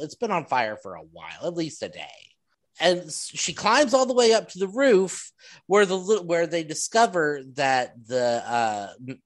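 A podcast co-host in the middle of a casual episode recap, with a pitch that jumps around a lot. The delivery is sarcastic and storytelling, full of acted-out quotes. The voice sits at a middling pitch. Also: no echo.

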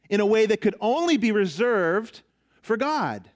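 A man's voice: high-pitched, animated, moderate pace. A man preaching a sermon as a pastor, emphatic, repeating key phrases and asking the congregation rhetorical questions.

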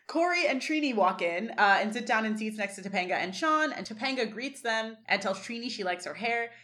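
Woman podcast co-host, fairly high voice, lively recap storyteller. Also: a little fast. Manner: animated retelling, quotes scenes, laughs often. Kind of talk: casual recap chat.

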